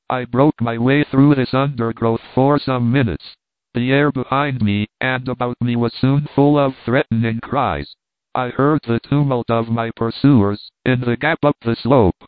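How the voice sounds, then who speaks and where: A man reading an adventure novel aloud as a measured storybook narration. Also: mid-range voice, no echo. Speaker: audiobook reader. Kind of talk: scripted narration. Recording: dry, tinny phone-like sound.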